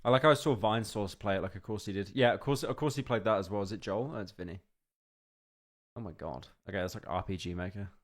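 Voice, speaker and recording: A man's voice: fairly low pitch, fast. A man streaming, riffing on a video with loose, sarcastic live reaction commentary.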